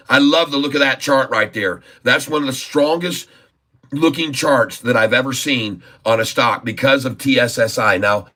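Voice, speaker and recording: This mid-range voice comes across pushed and bright as the man hosts his stock trading livestream. He gives casual market commentary with strong emphasis, repeats what he says, and calls the audience "folks" again and again.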